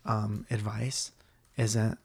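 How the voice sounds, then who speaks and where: A man's voice: fairly low pitch, level tone, very slow, creaky, breathy edge. A man co-hosting a podcast, chatting casually and teasing his partner with jokes. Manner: joking, playful, teasing. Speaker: podcast co-host. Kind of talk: casual chat.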